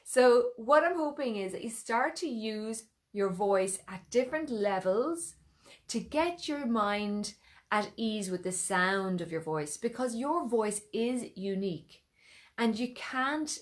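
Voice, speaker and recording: An Irish woman teaching a singing lesson, speaking slowly and unhurriedly. She leads learners through vocal warm-ups, demonstrating each sound and coaxing them to copy her. Her manner is encouraging and playful. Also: fairly high pitch, animated. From Ireland.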